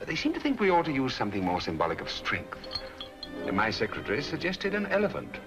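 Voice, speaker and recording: An actor in a 1940s film playing a cheerful, flirtatious company boss who talks in a teasing, breezy way. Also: male voice, medium pitch, huge pitch swings, fast talker, over music. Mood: flirting. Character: cheerful, flirtatious male business executive.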